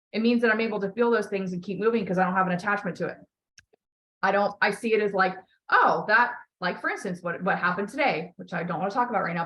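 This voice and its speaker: Woman coach, emphatic and emotional, swears freely, mid-pitch. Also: a bit bright, rough recording. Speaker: coach and podcast host. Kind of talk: candid coaching conversation.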